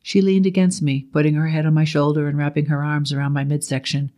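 A man narrating a first-person horror story in a steady, measured way. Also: on the high side, highs cut off.

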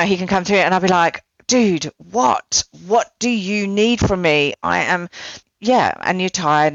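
Woman host, chatty and rambling, lowish voice, dull and dry. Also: a bit bright, no room sound. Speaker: podcast host. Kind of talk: casual conversational interview.

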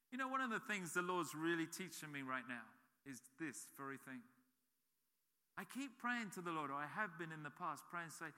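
A man's voice: fairly high pitch, sing-song, moderate pace, sharp tone. A man preaching a sermon as a pastor, emphatic and repeating key phrases. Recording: reverberant hall.

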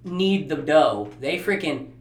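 A man's voice: a little high, slow, roomy sound. A man chatting casually about a movie, retelling scenes and laughing often. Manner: animated, acts out quotes, laughs often.

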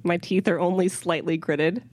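A woman playing a tabletop game, speaking in a measured way with dry humor. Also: fairly low pitch, fairly even intonation, darkish tone. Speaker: player. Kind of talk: tabletop role-play.

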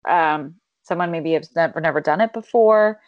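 A woman's voice: sits low, normal speed, no echo, dull audio. A woman in her thirties in casual chat as a co-host, reflective, explaining with examples and swearing casually.

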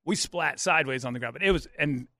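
A man co-hosting sports radio, telling a story with excitement and acting out what people said, in a studio. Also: on the high side, quick pace, vocal fry, no room sound. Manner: excitable storyteller, lots of restarts and acted-out quotes. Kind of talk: animated storytelling on a radio show.

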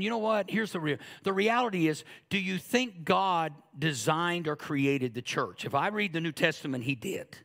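A man's voice: on the high side, animated, normal speed, a bit bright. A man in his fifties preaching a sermon, joking and acting out little asides in a conversational way. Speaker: pastor.

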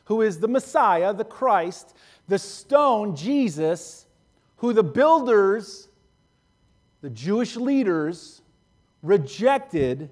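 A man's voice: high-pitched, darkish tone. A male pastor preaching in a conversational way, repeating phrases and laughing often. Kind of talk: sermon.

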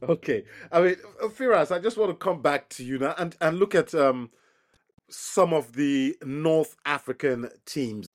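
A man with a fairly high voice hosts a football podcast, speaking unhurriedly and often repeating words as he starts his questions. Soft music plays in the background of this sports discussion.

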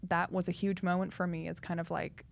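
A young woman, a podcast guest, chatting in a lively way full of fillers as she tells her story. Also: on the low side, fairly quick, gravelly. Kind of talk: casual interview talk.

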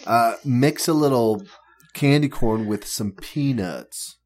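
A man's voice: mid-range voice, slow pace, a little mellow. A man co-hosting a casual chat, easygoing and joking, often giving short agreeing replies.

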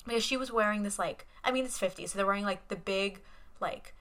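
A woman's voice: mid-range voice, brisk, a bit bright. A young woman co-hosting a casual movie podcast, rambling with lots of fillers and gushing about what she loved. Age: young adult. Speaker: podcast co-host.

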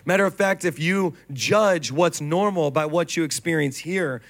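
On a church stage before a congregation, a pastor preaches a sermon, telling stories with laughter and acted-out quotes. His voice is a little high and a bit bright, at a moderate pace.

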